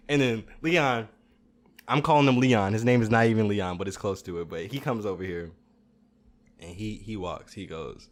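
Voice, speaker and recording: A young adult man hosting a show, telling comedic stories in a casual, animated way, swearing freely. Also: fairly low pitch, moderate pace. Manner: animated, swearing, laughing at his own stories. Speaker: podcast host.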